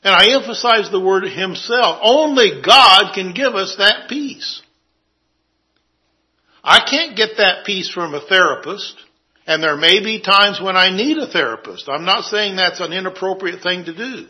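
A man preaching an earnest sermon, walking through scripture verse by verse. His voice sits high and sounds very bright. He speaks slowly and sometimes drops to a hush for emphasis. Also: poor audio.

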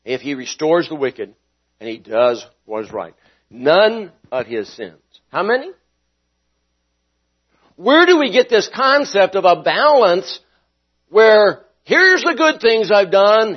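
Pastor, male, fairly high voice, dynamic sermon delivery with sudden loud and quiet turns, questions the room; dull lo-fi recording. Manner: dynamic preaching with sharp rises and drops in volume; asks the congregation questions. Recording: dull lo-fi sound.

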